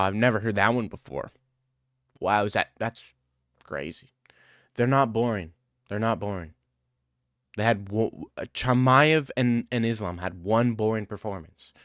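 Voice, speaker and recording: A man's voice: on the low side, no room sound. Sarcastic male streamer, dry mic. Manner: sarcastic, mocking, jumps into put-on voices. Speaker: streamer reacting to chat. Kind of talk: casual livestream chat.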